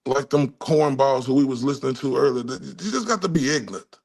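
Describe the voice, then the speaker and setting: Male streamer from Dallas with a gravelly voice, ranting angrily and swearing constantly. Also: mid-range voice, fairly quick, darkish tone, slight background noise. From Dallas, Texas. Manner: furious, heavily profane ranting. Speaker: livestream host. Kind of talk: angry profane livestream rant.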